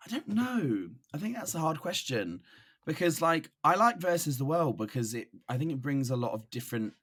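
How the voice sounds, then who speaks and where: A man from Brighton with an English accent, a guest on a podcast, chatting casually with hesitant pauses and playful teasing. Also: a little high, sing-song. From Brighton, England. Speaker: guest drag performer.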